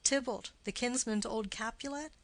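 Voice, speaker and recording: A woman reading a calm young nobleman. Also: on the high side, normal speed, close to an everyday voice. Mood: steady. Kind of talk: audiobook reading of a play.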